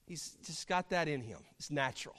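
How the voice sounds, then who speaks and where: A man's voice: on the high side, animated, fairly quick, fairly bright tone. A man preaching a sermon, telling a story and then building to fervent emphasis as pastor. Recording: long hall reverb.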